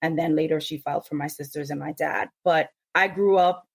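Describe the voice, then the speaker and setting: Animated woman, low voice, lively storyteller. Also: a little fast, vocal fry, slightly rough. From United States. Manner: animated, mimics others' voices in quotes. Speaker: guest. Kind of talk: casual podcast interview.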